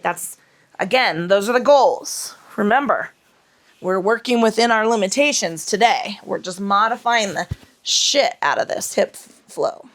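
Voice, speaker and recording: A woman yoga instructor guiding a class through hip and low back moves, cueing breath in a frank, playful way with casual swearing.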